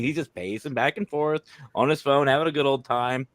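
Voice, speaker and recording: A man, a guest paranormal investigator, chatting on a video call in an animated, joking way. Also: mid-range voice, fairly quick. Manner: animated, laughing, jokey. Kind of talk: casual video chat.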